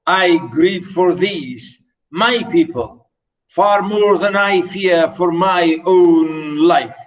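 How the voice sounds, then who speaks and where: A man's voice: high voice, drawn-out words, recorded from a distance, poor audio. A man reading aloud the lines of a proud, rash, impatient king with emphatic, commanding delivery in a lesson.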